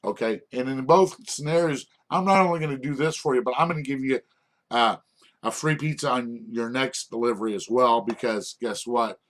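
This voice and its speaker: A man's voice: medium pitch, normal speed, a bit bright. A middle-aged man giving an informal lesson on restaurant management, rambling and checking in with "okay?" after most points. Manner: rambling, repeats "okay?" often, frequent restarts.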